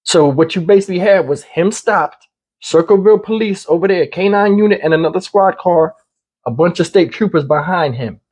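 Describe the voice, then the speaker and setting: Man, high voice, husky, blunt casual commentary, repeats himself. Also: normal speed, darkish tone. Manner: conversational, blunt, repeats points.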